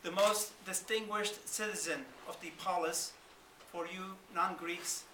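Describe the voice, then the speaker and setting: A guest speaker delivers a formal lecture oration in a university lecture hall, speaking slowly in a bright, high-pitched voice with fairly even intonation. He is from Turkish-ruled Kurdistan and his first language is Kurdish. The mic is far off in a roomy hall, with slight background noise.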